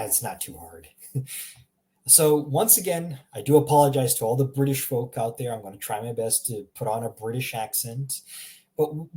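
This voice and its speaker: A man's voice: mid-range voice, a little mellow. A man giving a casual recorded language lesson, chatty and repetitive, often laughing at himself. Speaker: language teacher.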